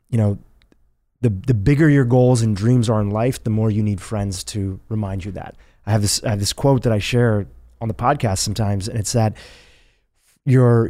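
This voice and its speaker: A man's voice: fairly low pitch, dark tone, no echo, studio quality. A man hosting a podcast, speaking in an earnest, reflective way with some filler words. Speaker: podcast host. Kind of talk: conversational interview.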